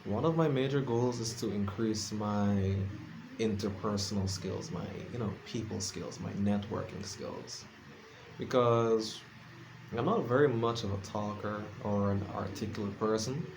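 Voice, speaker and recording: A man's voice: fairly low pitch, a little slow, noisy background. A sleepy man rambling casually in a late-night vlog, self-deprecating and full of fillers and restarts. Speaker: vlogger. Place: his room at home.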